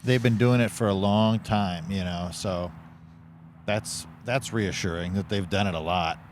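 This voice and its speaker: A man co-hosting a comedy podcast, chatting casually and haltingly with many restarts. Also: sits low, a little hiss or hum. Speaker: podcast co-host. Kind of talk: casual chat.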